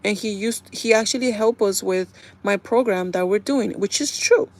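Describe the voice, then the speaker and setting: A woman live streamer in casual chat, retelling a TV episode in a chatty, animated way and laughing often. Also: medium pitch, moderate pace. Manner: chatty and animated, full of "like" and "kinda".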